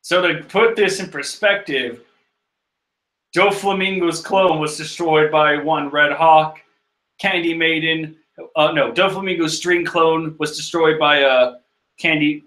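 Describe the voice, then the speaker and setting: A man reading through a manga chapter in casual, rambling commentary, excitable and profane, laughing and trailing off as he goes. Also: fairly high pitch, measured pace. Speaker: manga chapter reader and reactor.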